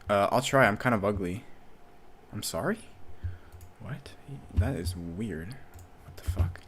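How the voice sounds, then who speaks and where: A man with a fairly low voice streams from a desk setup, reading posts aloud and tossing off casual, offhand reactions. He swears freely and mutters half to himself. A faint hum of room ambience sits under his voice. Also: a little slow, long pauses, fairly bright tone.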